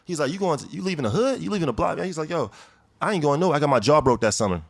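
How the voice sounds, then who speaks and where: A young man from Chicago telling his life story in an interview, animated and emphatic, acting out the people he quotes. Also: a little high, very fast, gravelly. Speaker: guest. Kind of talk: storytelling in conversation.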